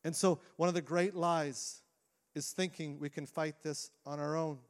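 A middle-aged man, a lead pastor, preaching a sermon in a church with earnest delivery, restarting phrases and shifting between quick and slow phrasing. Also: on the high side, fairly even intonation. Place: church sanctuary.

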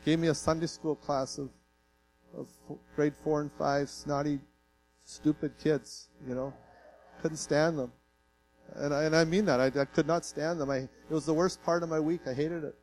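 A man from Canada preaches in an earnest, folksy sermon style, his voice sitting a little high for a man. He tells plain stories and jokes at his own expense before pressing his point with feeling. A faint electrical hum runs under the recording. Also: fairly even intonation, moderate pace, a little mellow, faint music behind, poor audio. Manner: earnest, folksy, emotional, self-deprecating humor. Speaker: pastor.

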